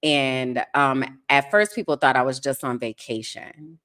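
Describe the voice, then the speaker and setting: Low-pitched woman host; frank, lively storyteller on a casual call-in podcast. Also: unhurried. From United States. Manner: candid, animated storytelling with sudden laughs.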